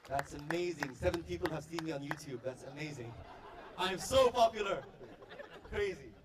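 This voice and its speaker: A man doing live stand-up comedy, telling stories and slipping into high put-on voices for the people he quotes. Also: animated, moderate pace, a loud crowd. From Korea. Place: live event hall with audience. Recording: distant stage mic with faint noise.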